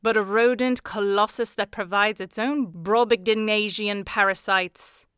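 A woman voicing a calm, precise Victorian male detective who speaks in a measured, lecturing way. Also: medium pitch, clear, resonant tone, dry recording, clean studio sound, close to an everyday voice. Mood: grave. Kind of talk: audiobook character voice.

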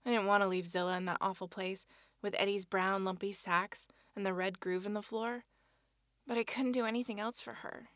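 A woman's voice: mid-range voice, fairly even intonation, moderate pace, a bit bright, no echo, clean studio sound. A woman narrating a first-person children's story in an earnest, childlike telling.

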